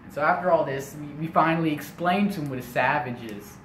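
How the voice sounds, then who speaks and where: A young man telling a comedic family story in an animated way, full of casual asides. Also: a little high, a little fast, distant mic. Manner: animated, lots of filler asides. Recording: echoey room, faint noise.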